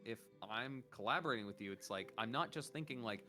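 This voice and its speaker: A man's voice: medium pitch, animated, fairly quick, pushed and bright, faint music behind. Give me a rambling male Vtuber in casual chat. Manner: rambling, talks in quoted asides.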